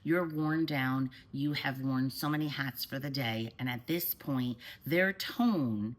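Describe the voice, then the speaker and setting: A woman parent coach giving calm, steady advice straight to the camera. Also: a bass voice, slow, low-quality recording.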